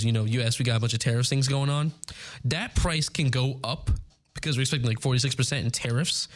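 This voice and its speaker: A young man hosting a show, chatting casually about gaming news, excitable and rambling, often stumbling over his words. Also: medium pitch. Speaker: show host. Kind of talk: casual chat, news recap.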